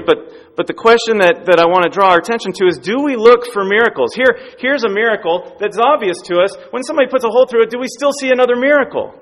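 A man preaching a sermon who tells a story with emphatic, animated delivery and frequent restarts. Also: sits high. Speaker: pastor. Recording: echoey hall.

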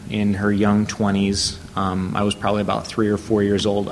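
Male preacher, lowish voice, measured storytelling sermon with scripture readings, faint rumble behind.

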